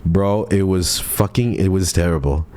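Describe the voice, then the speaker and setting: A man's voice: deep voice, measured pace, mellow. A young man streaming, telling a story to his chat in a rambling, flustered way full of fillers and casual swearing. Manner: swears casually, addresses chat as "bro" and "guys".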